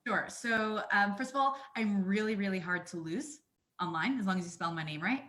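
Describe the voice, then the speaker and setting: A woman and mother of young children, a guest on a talk show, explaining ideas with energetic, emphatic storytelling. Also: fairly low pitch, moderate pace. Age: adult, mother of young children. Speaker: guest, coach.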